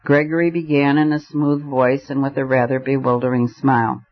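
A man narrating a classic novel with measured, expressive storytelling. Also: medium pitch. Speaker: audiobook narrator. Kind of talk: scripted narration. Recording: slightly muffled lo-fi audio.

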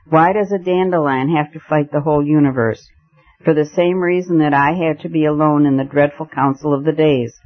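A man's voice: on the high side, lo-fi sound, close to an everyday voice. A man voicing an impassioned young detective. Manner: impassioned, breaking declamation.

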